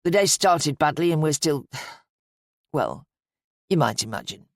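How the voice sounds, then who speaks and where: A woman's voice: sits low, slow pace, no room sound, studio quality. A woman voicing a weary, grieving middle-aged father who talks in a curt, snappish, tired way. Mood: weary, irritable.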